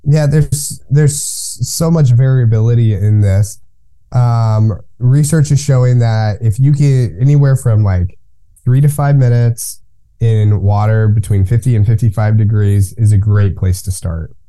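A man being interviewed as a guest, explaining his routine in a calm, instructive way. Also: mid-range voice, a little slow. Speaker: guest, cold plunge business owner. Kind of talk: conversational interview.

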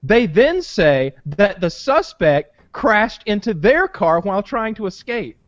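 A man's voice: high voice, very animated, takes it slowly, no echo, highs cut off. A man in casual chat, telling a long story with lots of restarts and swearing. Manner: rambling, profane storyteller, many restarts.

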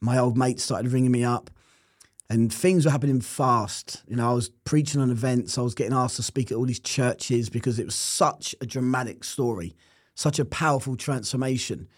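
A man's voice: medium pitch, normal speed, dry recording, clean studio sound. A man telling his personal testimony in an interview, earnest and reflective. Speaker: interview guest.

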